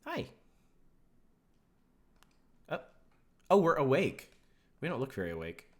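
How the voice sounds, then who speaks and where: Wry, animated game streamer. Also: medium pitch, slow. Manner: wry, joking, reacts to chat. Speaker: streamer playing a video game. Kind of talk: casual live-stream commentary. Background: video game music.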